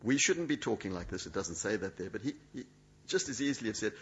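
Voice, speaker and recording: Male preacher, dramatic sermon delivery, lively pitch. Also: fast talker, slightly rough. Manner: emphatic, dramatic, acts out quoted speech. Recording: dull lo-fi sound.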